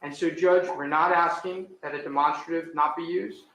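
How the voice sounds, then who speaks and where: A man's voice: fairly high pitch, steady tone, moderate pace, pushed and bright. A man arguing as an attorney before a judge, firm and citing case law, in a courtroom. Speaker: defense attorney. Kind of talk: courtroom argument. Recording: echoey courtroom audio.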